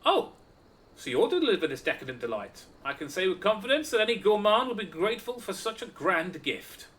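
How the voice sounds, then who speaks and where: A man's voice: sits high, sing-song, a little fast, fairly bright tone, voice pushed up. A man voicing a polite, wordy market produce vendor from a game, with a precise, courteous delivery. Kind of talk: reading game dialogue aloud in voices.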